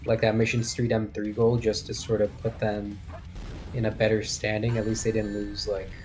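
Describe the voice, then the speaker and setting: A man's voice: fairly low pitch, monotone, moderate pace, a little mellow, slight background noise. A man giving live commentary on a speedrun match, thinking aloud and often checking with his co-host for agreement.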